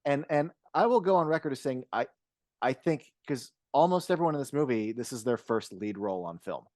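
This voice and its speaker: A man's voice: medium pitch, expressive, fairly quick, darkish tone, no echo. A man co-hosts a casual film podcast, his voice dry and close with no room around it. He rambles through his points with frequent restarts and drops a curse word now and then. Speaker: podcast co-host.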